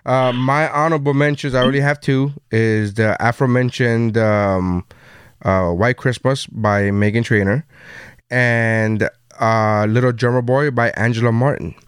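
A man hosting a casual podcast, rambling through an anecdote with lots of "uh" and "like." His voice is smooth and clear. The sound is dry and close. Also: medium pitch, fairly even intonation, a little slow, dry recording. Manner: chatty storyteller, many fillers. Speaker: podcast host. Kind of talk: casual chat.

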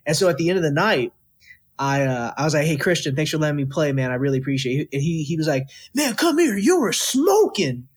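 Young male guest, early twenties, from Texas. Animated storyteller, voice a touch high. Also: fast talker. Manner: animated, quotes people in lively voices. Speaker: guest musician. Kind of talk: casual storytelling interview.

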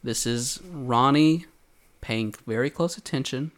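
A man in a casual podcast recap, speaking with an animated, sarcastic edge. His voice sits at an ordinary middle pitch, and he jokes freely as he picks apart the episode. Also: unhurried. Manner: animated, sarcastic, acts out quoted lines. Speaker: podcast co-host. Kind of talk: casual anime recap chat.

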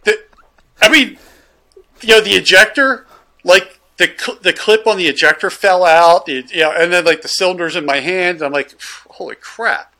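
A man's voice: high voice, moderate pace. A man, a gun dealer, telling a story in casual chat and acting out the dialogue. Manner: animated, loose storyteller who acts out the dialogue.

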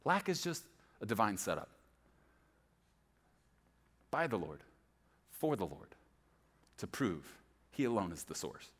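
A man preaching as a pastor, with animated storytelling and playful asides. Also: lowish voice, slow pace, pauses often. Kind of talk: sermon.

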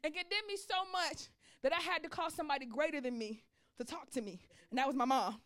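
A woman pastor preaching a sermon, telling a personal story in an animated way and calling out for response. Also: high-pitched, quick pace.

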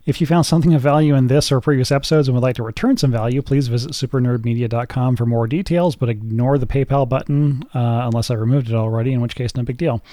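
A man hosting a talk podcast, with a warm, mellow tone. He speaks in a measured way and drops deadpan jokes. The mic is close and dry. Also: medium pitch, dry recording. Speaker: podcast host. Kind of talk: casual chat.

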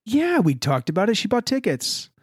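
At a normal speed and with a slightly rough voice, a young podcast co-host animatedly shares a story in casual chat, jumping widely in pitch to act out other people's voices. The sound is clean studio audio with no echo.

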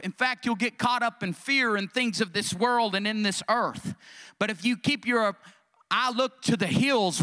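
High, bright fervent preacher. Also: male voice. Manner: fervent, call-and-response preaching. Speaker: pastor. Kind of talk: sermon. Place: church sanctuary.

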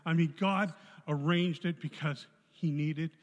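A man giving a spoken testimony to a church congregation, telling his story in a lively way and acting out the voices in it. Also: fairly high pitch, unhurried. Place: church hall. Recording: long hall reverb.

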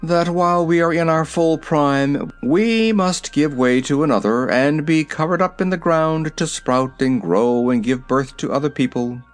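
A man's voice: on the high side, measured pace, hardly any pauses, soft background music, natural voice. A man reading aloud, voicing a cold, haughty male vegetable prince in a formal, chilly way.

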